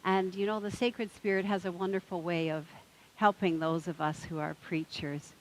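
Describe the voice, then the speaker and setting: A woman's voice: fairly low pitch, level tone, normal speed, poor audio. A woman minister preaching a sermon in a conversational, storytelling manner.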